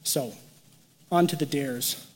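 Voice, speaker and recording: Speaking slowly at medium pitch, the pastor delivers his sermon with a big-room sound around him. His storytelling is animated, and he performs the quotes as he recounts them.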